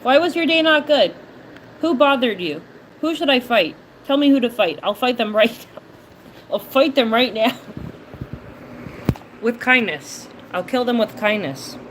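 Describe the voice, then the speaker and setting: A woman's voice: a little high, animated, measured pace, long pauses, fairly bright tone, slight background noise, low-quality recording. A woman hosting a livestream in casual chat, responding to viewer messages aloud in a playful manner and laughing often.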